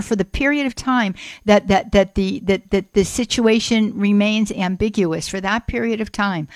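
A woman's voice: medium pitch, dry recording. Woman radio host, fervent spoken prayer, dry close sound. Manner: earnest, fervent, repeats phrases. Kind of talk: spoken prayer and call-in chat.

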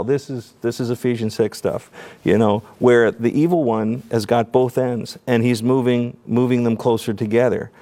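Earnest middle-aged man, mellow voice. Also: medium pitch. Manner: repeats words often, earnest and heartfelt. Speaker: guest, documentary maker. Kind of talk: earnest talk-show interview.

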